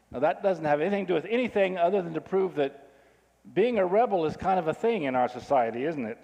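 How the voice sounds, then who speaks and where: A man gives a sermon in an easy, conversational manner and keeps asking his listeners questions. His voice sits a little high for a man. A long reverb from the hall trails after his words. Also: animated, fast, creaky, warm tone. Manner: conversational, asks the audience questions. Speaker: pastor.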